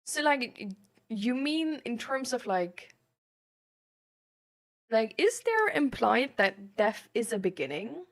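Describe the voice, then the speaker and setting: A young woman with a fairly high, very animated voice speaks slowly and pauses often while streaming. Answering chat questions in casual conversation, she rambles and fills every phrase with "like" and "um".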